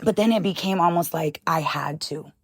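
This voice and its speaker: A woman chef guest telling emotional personal stories in a lively way, calling the listener "honey" and slipping into Spanish phrases. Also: on the low side, moderate pace, husky, dry recording. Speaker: guest, chef and cookbook founder.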